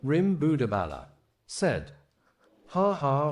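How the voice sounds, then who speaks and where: A man's voice: medium pitch, wildly swooping pitch, slow pace. A text-to-speech voice that sounds male, reading out chat messages.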